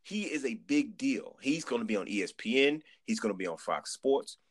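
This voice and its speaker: A man chatting on a podcast, telling an animated story, acting out quotes and repeating words as he goes. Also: mid-range voice, moderate pace. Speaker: podcast guest. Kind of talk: casual chat.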